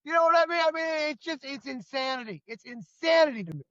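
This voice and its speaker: High, bright-voiced middle-aged man ranting. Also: animated, quick pace, no room sound, highs cut off. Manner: indignant, emphatic ranting. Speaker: co-host. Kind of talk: political talk show chat.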